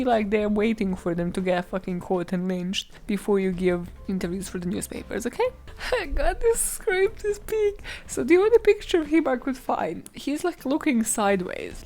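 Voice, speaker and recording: A woman hosting a solo podcast, telling a crime story with sarcastic, swearing asides. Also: medium pitch. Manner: animated, swearing, sarcastic asides, frequent laughs. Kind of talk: comedic true-crime monologue.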